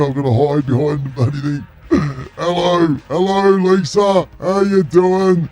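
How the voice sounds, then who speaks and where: An exuberant Australian man hosts a live stream, calling out greetings and thank-yous in a high, unhurried voice. Music plays loudly behind him as he talks. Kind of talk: excited live stream chat.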